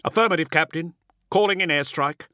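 A man voicing a dutiful male sergeant who reports in a crisp, formal manner. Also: fairly high pitch, brisk, sharp tone, dry recording, clean studio sound, pitched above the performer's own voice. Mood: alert formal.

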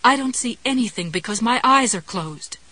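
A woman's voice: mid-range voice, slow pace, a bit bright, rough recording. A woman reading an audiobook, voicing a frightened grown woman who speaks meekly in a trembling, childish way.

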